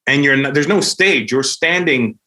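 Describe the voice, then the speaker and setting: A middle-aged man, a comedian guest, casually telling animated stories and laughing as he goes. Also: mid-range voice, normal speed. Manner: animated, acts out other people's voices with laughs. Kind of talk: casual storytelling anecdotes.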